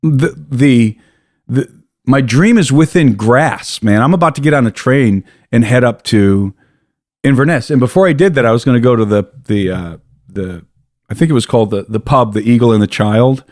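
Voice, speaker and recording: An American man, a podcast guest, telling a story in an animated way, often breaking off and restarting his sentences. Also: medium pitch, normal speed, dry recording, clean studio sound. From United States. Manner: animated, self-interrupting storyteller. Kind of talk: casual storytelling.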